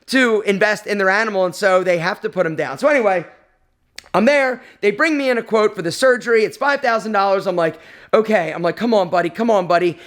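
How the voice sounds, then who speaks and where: Man, high voice, casual vlog storytelling, emotional, rambling with fillers. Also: brisk, fairly bright tone. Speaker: vlog host.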